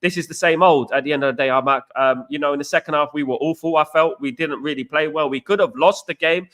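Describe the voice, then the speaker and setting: A man's voice: on the high side, fast talker, a bit bright. A man hosting a live fan stream, greeting chat viewers by name and talking through a match in a loose, chatty way. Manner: chatty, greets viewers by name, frequent "you know what". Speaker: fan channel host.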